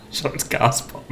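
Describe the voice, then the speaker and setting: A man's voice: sharp tone, a little hiss or hum. A man chatting casually on a flight sim live stream, greeting viewers between tasks.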